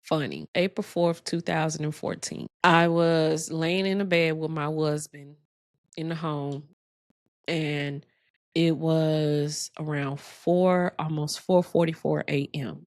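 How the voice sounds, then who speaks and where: A woman, telling a heartfelt personal story slowly and reflectively, with pauses and restarts. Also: low-pitched, steady tone, no echo, clean studio sound. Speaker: host sharing a personal story.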